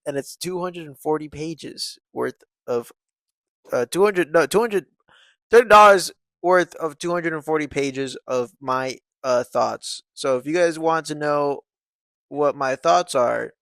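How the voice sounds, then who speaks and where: A man's voice: a little high, measured pace, vocal fry, fairly bright tone, no echo. A man co-hosting a podcast in casual chat, joking and laughing often as he rambles. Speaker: podcast co-host.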